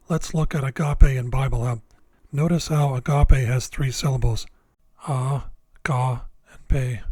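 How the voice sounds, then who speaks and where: Man, scripted lesson narration, measured and deliberate, mid-pitched voice, dry close sound. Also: a little mellow, dry recording. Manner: slow, deliberate, measured explanations. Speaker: Bible language teacher.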